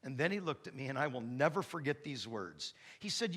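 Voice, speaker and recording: A man in his fifties preaching a sermon as pastor, an animated storyteller who acts out the dialogue with big comic outbursts. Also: mid-range voice, fairly quick, hardly any pauses, breathy edge. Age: 50s. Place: church sanctuary.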